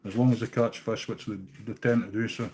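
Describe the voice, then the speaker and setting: A Scottish man ties fishing flies during a live stream, chatting casually with viewers in an easygoing way, swearing now and again. His lowish voice is flat and a little mellow, delivered fairly quickly. A little hiss or hum can be heard.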